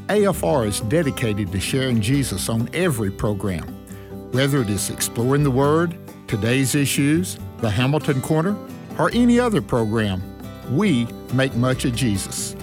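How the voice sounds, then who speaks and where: A man's voice: medium pitch, big pitch swings. Earnest man reading promo over guitar. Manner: earnest, measured. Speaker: radio co-host. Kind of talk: scripted promo read. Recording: promo with guitar music behind. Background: guitar music.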